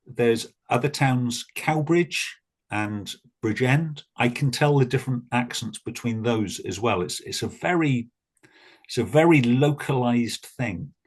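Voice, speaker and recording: A man from Wales with a South Welsh accent, a guest in a casual conversation, explaining things in a measured way. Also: medium pitch, animated, slightly rough.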